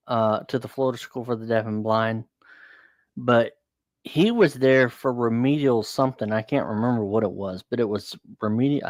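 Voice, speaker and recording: A man's voice: mid-range voice, dry recording, studio quality. A man hosting a casual chat, telling a long personal story in a rambling, blunt way with fillers and swearing.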